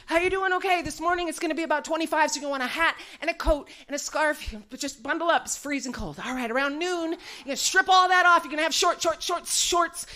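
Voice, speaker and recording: A jittery male TV weatherman, put on by a woman comedian, pitched high and bursting with forced cheer. He rattles off the forecast in a hyper, rushed patter, full of nervous energy. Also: pushed and bright. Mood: frantic cheer.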